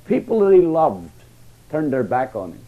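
A man preaching a sermon, passionate, with emphatic rises and hushed, quiet drops. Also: mid-range voice, big pitch swings, normal speed, phone-quality sound.

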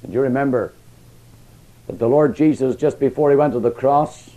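Impassioned male preacher, mellow voice. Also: medium pitch, normal speed, rough recording. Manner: impassioned preaching with emphatic rises and hushed drops. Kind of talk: sermon.

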